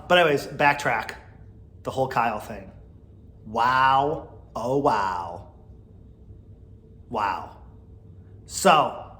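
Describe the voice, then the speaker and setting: A man's voice: mid-range voice, bright, forceful tone, reverberant. A man hosting a podcast, giving blunt, exasperated commentary and laughing often. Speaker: podcast host. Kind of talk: casual opinion commentary.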